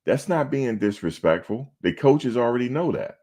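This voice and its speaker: A man's voice: medium pitch, expressive, moderate pace, warm tone. A man hosting a sports show, casually chatting and teasing live-chat viewers, mocking and repeating himself for laughs.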